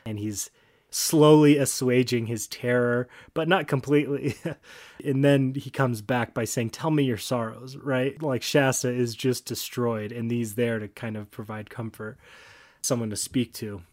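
A man's voice: mid-range voice, steady tone, unhurried, a little mellow. A man giving casual, reflective commentary on a book he reads aloud, talking eagerly and restarting his phrases. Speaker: book discussion host.

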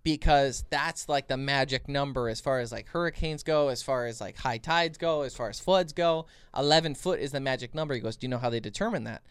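A man co-hosting a podcast, telling a long story in casual chat, rambling and animated with many restarts. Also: mid-range voice, brisk, few pauses, clear, resonant tone, no room sound. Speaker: podcast co-host.

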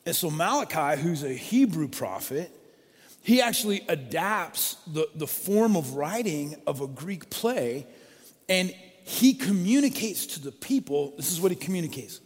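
A man's voice: a little high, lively intonation, measured pace. A man preaching a sermon in an emphatic way, repeating his key phrases. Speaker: pastor. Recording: long hall reverb.

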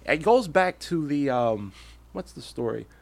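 A man's voice: a little high, lively intonation, measured pace, vocal fry, darkish tone. A man in his thirties, a veteran guest on a podcast, talking bluntly and emphatically with heavy swearing and restarts. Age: 30s. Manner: blunt, heavily profane, emphatic, repeats himself. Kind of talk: casual interview talk.

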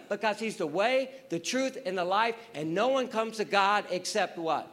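A man's voice: high-pitched, expressive, normal speed, hardly any pauses, fairly bright tone. A man preaching a sermon, emphatic and repetitive, who keeps asking his listeners rhetorical questions. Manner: emphatic, repeats phrases, asks the audience rhetorical questions.

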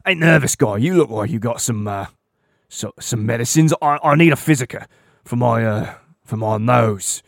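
A man voicing a twitchy male addict who is begging for medicine, in a raspy, gravelly drawl. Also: medium pitch, moderate pace, no echo, studio quality, pitched below the performer's own voice, lightly acted. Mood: wheedling.

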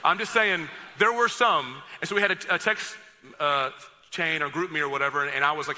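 A male pastor preaches a casual, joking sermon straight to the people in front of him. His voice is very bright and forceful and sits a little high for a man. It rings out with the long reverb of a large church hall. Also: lively intonation, fast. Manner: conversational, joking and direct with the congregation.

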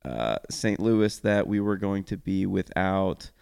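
A man hosts a casual sports podcast, talking through match highlights in an upbeat, rambling way and often correcting himself mid-sentence. His voice sits on the low side and sounds smooth. The recording is close and dry. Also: lively intonation, slow pace, a little mellow, no room sound. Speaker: podcast host.

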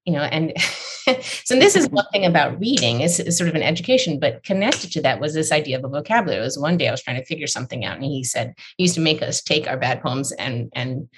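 Talking fast and expressively in a low, slightly rough voice, a woman poet shares stories in conversation. They're reflective and digressive, about how she learned her craft, and she keeps restarting her phrases.

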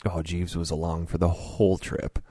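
A man's voice: low-pitched, flat delivery, normal speed, warm tone, no room sound, studio quality. A man hosting a podcast, telling stories in a laid-back way and laughing often. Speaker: podcast host. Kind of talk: casual chat and storytelling.

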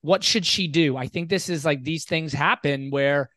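A man's voice: on the high side, moderate pace, a bit bright, dry recording. A man hosting a podcast interview, asking probing, reflective questions and laughing easily. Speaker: podcast host. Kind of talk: conversational interview.

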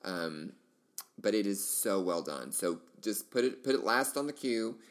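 A middle-aged man with a very low voice hosts his own podcast alone. He rambles in an easygoing, enthusiastic way, circling back through fillers and restarts as he goes. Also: expressive, a little slow. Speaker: podcast host. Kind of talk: casual solo podcast chat.

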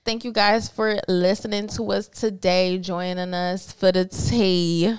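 A woman's voice: medium pitch, flat delivery, unhurried, clean tone. A woman hosting a podcast in casual chat, blunt and outspoken, swearing freely. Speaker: podcast host.

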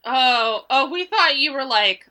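A woman playing a tabletop role-playing game in character, talking in an animated, chatty way. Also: high voice, measured pace. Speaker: player.

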